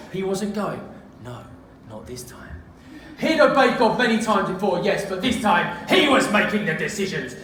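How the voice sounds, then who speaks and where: A man's voice: sits high, a bit bright. Playful man telling a story, echoey room. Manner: playful, laughs at own jokes. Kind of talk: comic storytelling. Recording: echoey room, distant mic, noisy.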